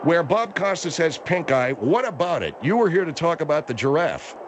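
A man hosting a comic talk radio show, talking in an exasperated, halting way. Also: on the high side, sing-song, background noise.

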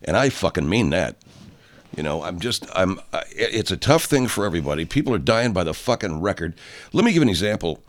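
Older man, angry profane monologue, low voice with wide swings from shouting to muttering. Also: very animated, fairly quick. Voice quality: heavy swearing, loud outbursts. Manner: ranting, rising into shouting then dropping low.

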